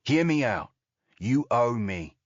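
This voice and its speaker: A man's voice: mid-range voice, big pitch swings, takes it slowly, no room sound. A man voicing a tough male ex-soldier calling in a favor, talking in a blunt, urgent way. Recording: dull lo-fi audio.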